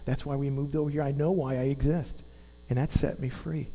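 A man's voice: medium pitch, flat delivery, a little fast, mellow. A man, preaching a sermon in an earnest, conversational way and asking the congregation questions. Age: 50s. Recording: long hall reverb with mains hum.

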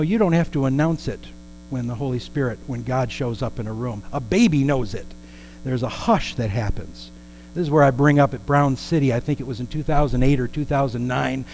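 Guy preaching a story sermon, middle pitch, talks easy and asks the congregation stuff. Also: darkish tone, a little hiss or hum, poor audio. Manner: conversational, with asides and questions to the congregation.

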